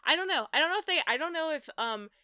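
A woman co-hosting a podcast, chatting about a TV show in an animated, jokey, enthusiastic way. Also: high voice, quick pace, no echo, studio quality. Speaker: podcast co-host. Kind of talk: casual chat about a TV show.

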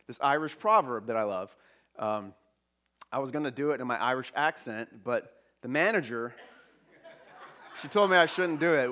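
A man's voice: medium pitch, fairly bright tone. Self-deprecating man giving a church talk. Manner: conversational, self-deprecating, humorous. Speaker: speaker at a church service. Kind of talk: spiritual talk.

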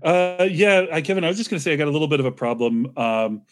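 A man's voice: on the high side, lively intonation, fast. A man co-hosting a podcast, bantering in a friendly, enthusiastic way. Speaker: podcast co-host. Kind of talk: casual podcast chat.

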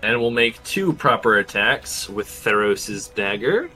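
A man's voice: fairly low pitch, unhurried, soft background music. A man playing in a tabletop game, joking around with the table. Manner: joking, animated. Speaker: player. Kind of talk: casual tabletop play.

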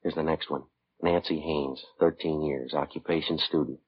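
An actor playing a terse, steady police detective with a clipped, matter-of-fact delivery in an old radio drama. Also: male voice, very deep voice, moderate pace, breathy edge. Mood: flat. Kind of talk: 1950s radio drama acting. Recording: dull old radio broadcast.

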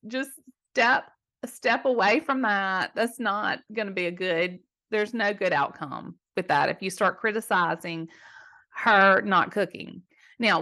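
A Southern US woman in her fifties hosts a casual advice show, fielding listener questions in an emphatic, chatty style and laughing easily. Her mid-range voice sounds pushed and bright, and it's a little hoarse today.

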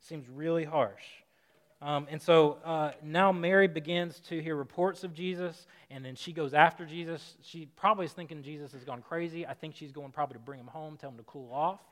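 A man's voice: on the high side, brisk, fairly bright tone. Man preaching in a reverberant hall. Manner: conversational preaching, acts out quotes with rising emphasis. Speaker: pastor. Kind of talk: sermon.

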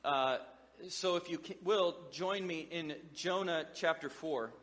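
A man's voice: a little high, unhurried, a bit bright, in a large hall. A man preaching a sermon as pastor, in a conversational, joking manner with frequent restarts.

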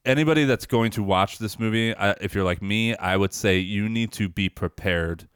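A young man with a lowish, smooth voice, chatting on a podcast about a film. He rambles, swears freely and restarts his sentences a lot. The sound is close and dry. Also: normal speed, dry recording. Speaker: podcast co-host. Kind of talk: casual chat.

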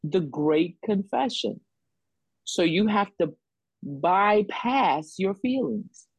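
A woman's voice: mid-range voice, animated, slow pace, husky, no echo, rough recording. A woman preaching a sermon on faith and healing, repeating phrases for emphasis in a call-and-response rhythm.

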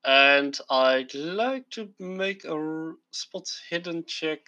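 Slow, lively-voiced game player. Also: mid-range voice, background noise. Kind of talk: playing a tabletop game.

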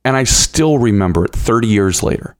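Animated man telling a story. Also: on the low side, fairly quick. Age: 30s. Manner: animated, acts out the voices of people in his stories. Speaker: podcast host. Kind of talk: personal storytelling monologue.

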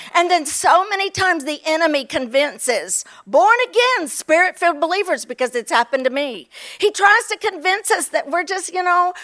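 Preaching fervently, this fifty-something woman from Kentucky exclaims and stretches out her words in her Kentucky accent. Her voice is very high with a sharp tone.

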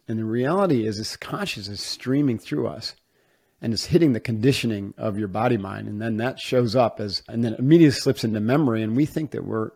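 A man from upstate New York, a guest in an interview, telling a story in a casual, animated way and acting out the voices of the people he quotes. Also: mid-range voice, slightly rough. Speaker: interview guest, former Navy SEAL.

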